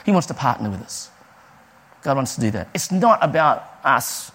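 A man preaching a sermon, telling personal stories with lively delivery and acting out the people he quotes. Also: medium pitch, normal speed. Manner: lively storytelling, acts out quoted voices.

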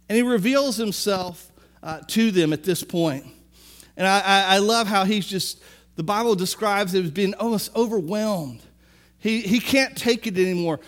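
A middle-aged man preaching, retelling a story with lively asides and acting out the characters' lines. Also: high-pitched. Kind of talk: sermon.

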